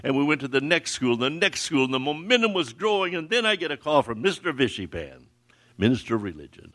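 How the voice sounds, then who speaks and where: A man's voice: medium pitch, very animated, fairly quick, fairly bright tone. An older man telling a sermon-style testimony, often stumbling over repeated words and acting out the people he quotes. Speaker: ministry founder telling a testimony.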